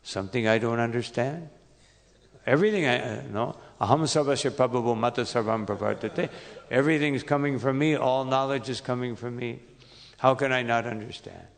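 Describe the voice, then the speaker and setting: A man voicing a lofty male god who asks gentle, puzzled questions, told as part of a sermon. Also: mid-range voice, a little fast, long reverb tail, close to an everyday voice.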